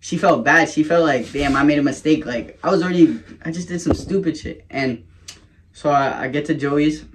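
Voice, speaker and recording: A man's voice: fairly high pitch, normal speed, background noise. A young man telling a rambling, profane storytime about his past in a casual vlog. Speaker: vlogger.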